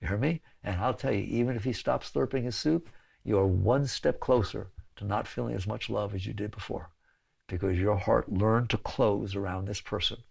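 A man's voice: lowish voice, normal speed, creaky, darkish tone, husky. A man teaching a spiritual talk to an audience, conversational, often checking in with "right?" and "okay?" and laughing between points.

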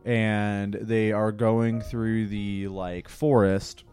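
Chill podcast guy rambling on, swears a lot, clean smooth voice. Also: on the low side, level tone, drawn-out words, darkish tone, soft background music. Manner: rambling and profane, lots of fillers. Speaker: podcast host. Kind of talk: casual chat.

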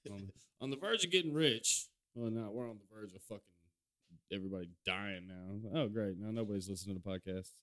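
A man's voice: fairly low pitch, brisk, a bit bright, smooth, no room sound. A young man as a podcast guest, blunt and rambling, swearing a lot in casual chat.

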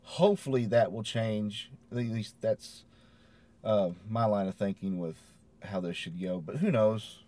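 A man's voice: on the low side, a little slow, dark tone. A man co-hosting a podcast, agreeable and laid-back, chuckling as he chats. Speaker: podcast co-host. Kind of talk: casual wrestling review chat.

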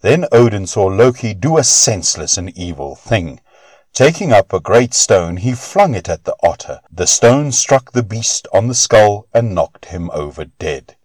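Guy reading a myth story aloud, deep-ish, lots of ups and downs, dry close sound. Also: breathy edge, no room sound. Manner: expressive, measured reading. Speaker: narrator. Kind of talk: storybook narration.

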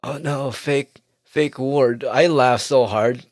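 A young man delivers a profane comedic rant in a sarcastic tone, breaking into laughter often. His voice sits at an ordinary middle pitch. The sound is dry and close, with no room echo. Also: slow pace. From United States.

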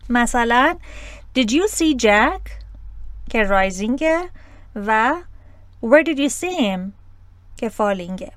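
Persian-speaking woman host going back and forth between persian and english, talks fast, bit high voice. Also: no echo. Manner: explains slowly, switching between Persian and English. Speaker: podcast host and English teacher. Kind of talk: bilingual teaching podcast.

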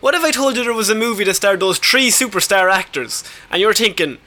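Irish male co-host, bright forceful voice, chatty and laughing, leads the talk. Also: high-pitched, lively intonation, brisk. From Ireland. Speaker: podcast co-host. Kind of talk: casual chat.

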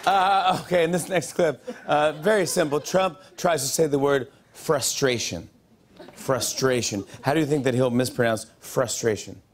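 A man's voice: a little high, normal speed. A man hosting a late-night comedy show, delivering a monologue and running a game with audience members, joking and laughing as he goes. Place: TV studio with live audience. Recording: loud studio audience laughter and noise. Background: crowd laughing and cheering.

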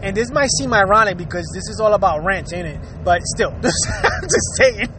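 Vlogger, man, unusually high voice, blunt and profane, lectures the viewer straight on. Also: expressive, moderate pace, background noise. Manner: blunt, profane and preachy, with frequent "all right?" asides. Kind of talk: ranting advice monologue.

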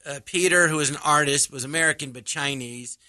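A man chatting on a radio show as a comedian guest, telling animated stories, laughing often and acting out the voices of people in them. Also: fairly high pitch, fairly quick, no echo, clean studio sound. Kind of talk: casual radio chat.

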